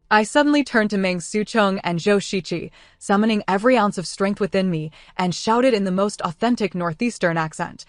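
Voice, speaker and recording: A woman giving smooth, even scripted narration of a story. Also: medium pitch, moderate pace, dry recording. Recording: dry close studio voice with faint music. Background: faint music.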